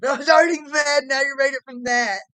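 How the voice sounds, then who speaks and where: A woman hosting a casual, profane interview, telling loud stories with bursts of laughter and acting out what other people said. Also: high voice, fairly even intonation, quick pace, low-quality recording. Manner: loud, laughing storyteller who acts out others' lines. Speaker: host.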